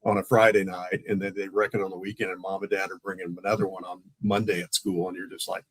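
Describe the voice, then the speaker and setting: Older man, ex-cop storyteller, dry close sound, middling pitch. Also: fast, breathy edge, no room sound, rough recording. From Tulsa, Oklahoma. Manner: animated, acts out others' voices in his stories; laughs often mid-story. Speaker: guest, former police officer. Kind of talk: casual storytelling chat.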